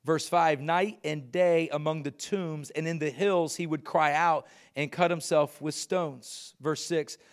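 Emphatic preaching man, slightly high voice. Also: fairly even intonation, a little slow, hardly any pauses. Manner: emphatic preaching, rising loud on key points, reading scripture aloud. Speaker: pastor. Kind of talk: sermon.

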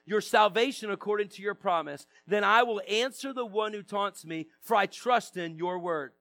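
A man's voice: high-pitched, normal speed, sharp tone. A male pastor reads a long psalm aloud to his church, breaking in with casual, joking asides to the congregation. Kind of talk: sermon with scripture reading. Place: church sanctuary.

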